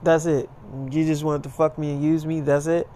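A man's voice: fairly high pitch, little pitch movement, normal speed, slight background noise, natural voice. A man putting on a sarcastic jealous ex. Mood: scornful. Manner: sharp, sarcastic, cursing. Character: scornful young woman, jealous ex.

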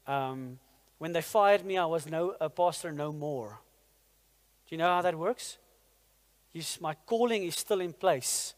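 A man preaching a sermon in a church, energetic and firing rhetorical questions at the congregation. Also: fairly high pitch. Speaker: pastor. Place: church hall. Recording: long hall reverb in a church.

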